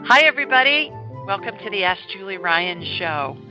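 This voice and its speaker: A woman's voice: mid-range voice, animated, normal speed, music in the background, rough recording. A middle-aged woman, hosting a podcast in a chatty, upbeat way. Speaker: host. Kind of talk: casual chat.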